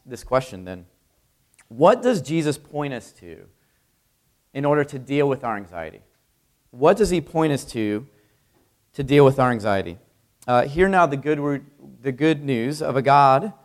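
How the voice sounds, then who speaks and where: Male pastor, mid pitch, relaxed conversational preaching that lifts for scripture. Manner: conversational with fillers, rising for scripture reading. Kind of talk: sermon.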